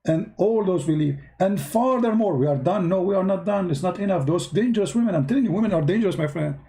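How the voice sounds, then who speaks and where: A man with a slightly raised pitch and a mellow, warm tone hosts an online commentary. He mocks and jokes straight to his viewers in halting, non-native English full of grammar slips. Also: animated. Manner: sarcastic, mocking, talks directly to viewers.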